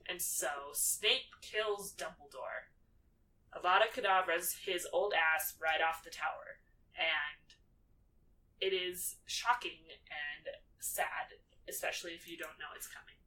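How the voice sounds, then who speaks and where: A woman's voice: lowish voice, unhurried, recorded from a distance, slight background noise, rough recording. A woman co-hosting a podcast, casually retelling a film's plot and slipping into the characters' lines as she goes. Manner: animated storytelling, acting out lines with filler "like". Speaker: podcast co-host. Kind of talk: casual movie recap chat.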